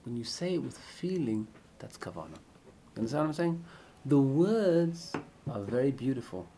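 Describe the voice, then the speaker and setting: A man giving an informal Torah class on prayer, often asking his listeners questions and swinging between loud and hushed speech. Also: mid-range voice, normal speed, slight background noise. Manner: animated, swings from loud chanting to hushed near-whispers. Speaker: Torah teacher.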